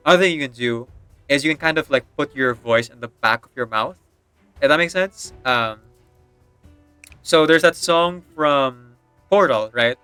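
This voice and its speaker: A man's voice: mid-range voice, pushed and bright, smooth, no echo. A man chatting casually while streaming a game, rambling with lots of fillers and frequent laughter, with faint game music behind. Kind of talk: casual chat while gaming.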